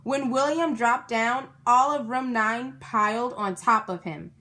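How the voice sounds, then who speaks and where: Woman reading a children's book aloud, slow and unhurried, highish voice, stops to ask questions and explain words. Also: bright, forceful tone. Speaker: storybook reader.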